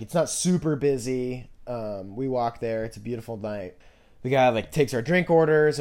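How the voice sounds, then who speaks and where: A man in his twenties hosting a podcast, telling rambling, jokey stories in a casual monologue full of fillers, jumping into high voices to quote people. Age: 20s. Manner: animated, jumps into high voices when quoting others. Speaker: podcast host.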